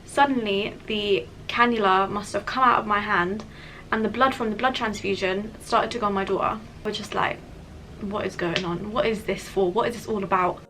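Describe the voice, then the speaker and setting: A woman's voice: mid-range voice, steady tone, moderate pace, noisy background. A young woman telling a personal story in a candid, chatty vlog, with many "like" fillers. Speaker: vlogger.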